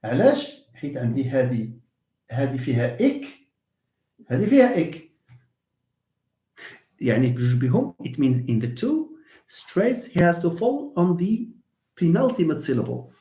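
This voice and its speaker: A man's voice: medium pitch, big pitch swings, fast, pauses often, warm tone. Male English lecturer, explanatory and repetitive, roomy echo on the mic. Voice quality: switches between English and Moroccan Arabic. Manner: explanatory, repeats words, answers viewer questions. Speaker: English teacher. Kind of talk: live online lecture. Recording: echoey room.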